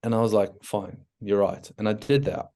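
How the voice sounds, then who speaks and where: A South African man, probably in his thirties, tells his story as a podcast guest. His voice sits a little low, and he talks frankly and with energy, often circling back with "like" and restarting his sentences. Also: moderate pace. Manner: frank and animated, many restarts and "like" fillers. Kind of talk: casual storytelling interview.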